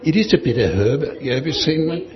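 A man's voice: fairly high pitch, animated, a little fast. Guy teaching bible class, chatty, asks the room questions, kinda dull lo-fi sound.

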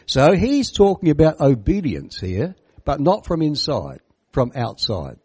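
Animated male preacher giving a sermon. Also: a little high, measured pace, husky. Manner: animated, emphatic, asks the listeners questions and comments on the text. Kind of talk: sermon on a Bible parable.

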